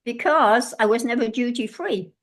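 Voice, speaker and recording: A British woman in her eighties, from England, telling lively stories as a guest in an interview and acting out the dialogue in them. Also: on the high side, normal speed. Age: 80s. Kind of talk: casual interview storytelling.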